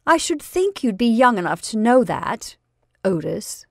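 A woman's voice: a little high, very animated, a little slow, gravelly, dry recording, studio quality, heavily acted. A woman doing a haughty, mocking young woman. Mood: contemptuous. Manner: cool, mocking, drawling.

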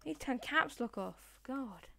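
High, bright gamer woman swearing at mobs. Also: expressive, moderate pace, vocal fry, slight background noise. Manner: talks to mobs and villagers, swears often, playful. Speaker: Minecraft let's player. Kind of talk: casual gameplay commentary.

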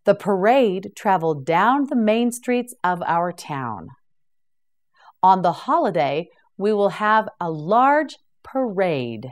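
A woman's voice: mid-range voice, very animated, takes it slowly. A woman teaching English vocabulary, saying each word several times and patiently prompting the learner to repeat it. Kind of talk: slow, clear pronunciation drill.

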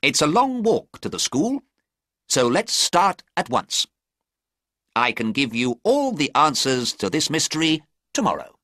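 Brief: cold, assured detective with a high, lively delivery and a bright tone, on a dry close mic, as a male narrator puts him on. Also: unhurried, dry recording, full character voice. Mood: cool. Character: cool, confident male detective.

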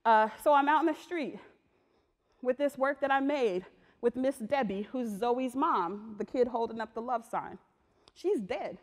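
Woman artist, slangy lively storyteller, higher voice, long hall reverb. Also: unhurried. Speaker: visual and performance artist giving a talk. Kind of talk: personal storytelling talk.

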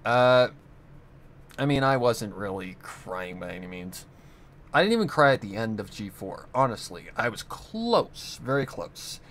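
A fan audiobook reader and voice actor chats casually on camera in a room at home with guitars and a keyboard, his lowish, fairly bright voice animated and at normal speed. He meanders, corrects himself, and chuckles often. There's a little hiss or hum.

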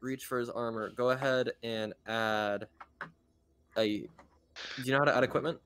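A man running a tabletop game as game master, guiding the players calmly. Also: mid-range voice, moderate pace, a little hiss or hum.

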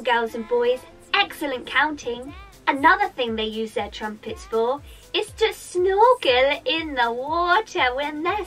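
A woman's voice: high voice, fairly bright tone. A woman with a British accent leading an interactive music session for young children, cheerful and sing-song, talking straight to the kids.

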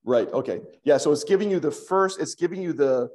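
A man teaching a Greek language class in a church classroom, slow and patient, thinking aloud with fillers as he explains. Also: on the high side, expressive, darkish tone.

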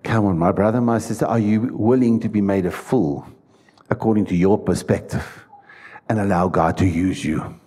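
A man's voice: lowish voice, normal speed, mellow. A man preaching a sermon in a church, stressing his points and putting questions to the congregation. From South Africa. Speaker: pastor.

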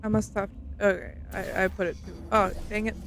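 A woman's voice: medium pitch, flat delivery, brisk, creaky, a little hiss or hum. A young woman casually commenting while playing a video game, playful and chatty with the odd swear. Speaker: gaming streamer. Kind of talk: casual let's-play commentary.

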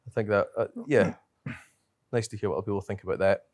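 A lower-voiced man with a strong brogue chats on a podcast, drifting through long thoughts and correcting himself as he goes. The sound is close and dry, with no room around it. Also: steady tone, brisk, a little mellow, no room sound. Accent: strong brogue, not New Zealand. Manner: thoughtful, rambling, self-correcting. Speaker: podcast co-host and festival director. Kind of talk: casual podcast chat.

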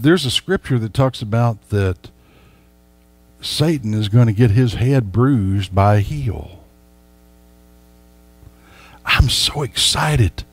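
A man's voice: medium pitch, breathy edge, dry recording. A man preaching a sermon as a pastor, folksy and emphatic, speaking straight to his congregation.

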